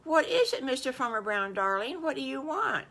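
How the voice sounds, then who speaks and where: A woman's voice: high voice, sing-song, moderate pace, fairly bright tone, voice pushed up, exaggerated voice. An older woman doing a doting farm wife. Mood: affectionate. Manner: sweet, endearment-laden.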